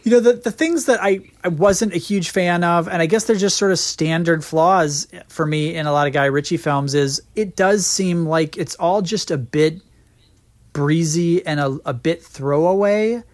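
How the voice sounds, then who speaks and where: A man's voice: on the high side, normal speed. A man in his thirties co-hosting a casual movie review chat, joking and talking in long run-on sentences. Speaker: podcast co-host.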